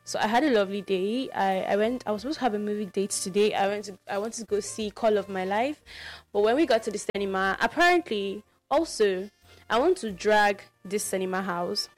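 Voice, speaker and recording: Expressive woman radio co-host. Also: medium pitch, a little fast, soft background music. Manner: ranting, expressive storytelling. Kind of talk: casual radio chat.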